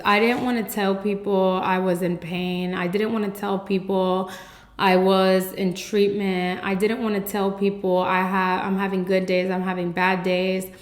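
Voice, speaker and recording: A young woman tells a personal story on her podcast, candid and emphatic, leaning on "like" and dropping blunt curses. Her voice sits at a middle pitch. The recording is roomy, with a clear echo around her. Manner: candid and emphatic, frequent "like" fillers, blunt swearing. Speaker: podcast host. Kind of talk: personal testimony, casual storytelling.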